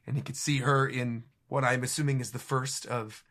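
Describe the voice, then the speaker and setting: A man co-hosting a podcast, casually recapping a comic chapter in a lively way with quick laughs. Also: medium pitch, gravelly. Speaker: podcast co-host.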